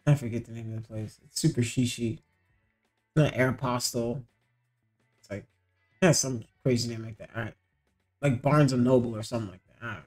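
A man's voice: medium pitch, dark tone. A man hosting a commentary show, mocking and sarcastic, mixing slang with asides, with faint music behind. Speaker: show host.

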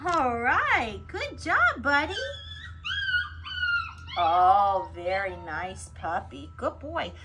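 Woman, slow cooing puppy talk, very lively pitch. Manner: sing-song baby talk to a puppy, cooing praise. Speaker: dog breeder evaluating a puppy. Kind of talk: casual running commentary to camera and a puppy. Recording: noisy background.

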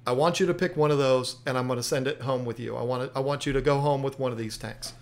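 A man's voice: mid-range voice, steady tone, fast talker. A man hosting an aquarium channel, telling a story in casual chat, often restarting and repeating himself.

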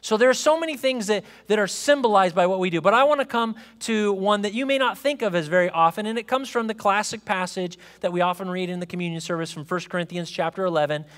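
A man's voice: sits high, fast, hardly any pauses, a bit bright. A male pastor preaching a sermon in a conversational way, often checking in with his congregation, and building to emphatic proclamation. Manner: conversational preaching with frequent "okay?" check-ins. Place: church sanctuary. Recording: long reverb of a church hall.

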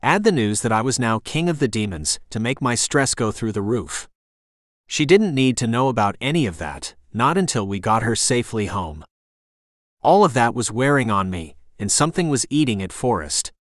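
A man's voice: mid-range voice, big pitch swings, normal speed, no echo. Man narrating a fantasy audiobook, dry sound.

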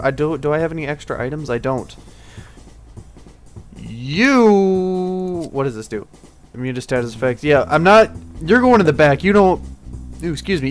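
A man casually commenting on his gameplay, rambling and excitable, swearing at enemies. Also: a little high. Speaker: gaming channel host. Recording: faint game music behind. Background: game music.

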